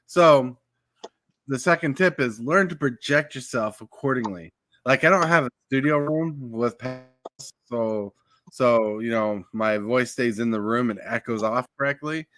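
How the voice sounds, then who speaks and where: A man talking casually on a late-night live podcast from home, passing on advice in a coaching way. His voice is bright and forward, recorded dry and close with no room echo. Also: medium pitch, measured pace. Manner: coaching, gives tips on projecting voice. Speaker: podcast host. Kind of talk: casual live-stream chat.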